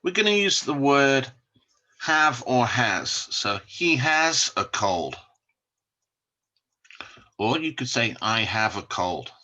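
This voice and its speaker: A man teaching an English vocabulary lesson, saying each word slowly and repeating it for learners to copy. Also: medium pitch, sing-song, sharp tone.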